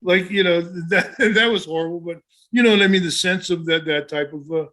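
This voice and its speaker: A man's voice: high voice, a little fast, sharp tone. A man in his seventies, a former wrestler co-hosting a podcast, telling stories in a rambling way with many restarts. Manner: rambling, full of restarts and "you know". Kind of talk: casual storytelling chat.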